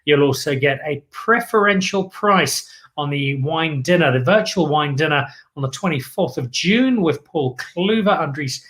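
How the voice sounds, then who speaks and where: A man's voice: a little high, expressive, moderate pace, a bit bright. Enthusiastic male wine show host. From Zimbabwe. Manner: enthusiastic, repeats words for emphasis. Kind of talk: live show wrap-up and sign-off.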